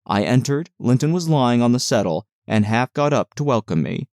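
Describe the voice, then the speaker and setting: This audiobook features a man with a mid-range voice giving a measured, expressive reading of a classic novel, captured in clean studio sound with no room sound.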